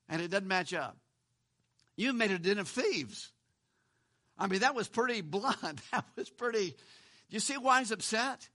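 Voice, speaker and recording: Pastor, male, high bright voice, chatty sermon with rhetorical questions. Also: animated, a little slow, long pauses. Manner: conversational, repeats words, asks rhetorical questions.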